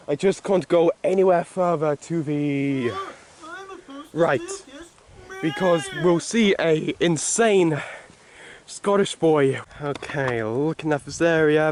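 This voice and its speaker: Chatty man hosting a game video, higher-pitched voice, rambling delivery. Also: a little mellow, slight background noise. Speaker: gaming video host. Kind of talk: casual game commentary.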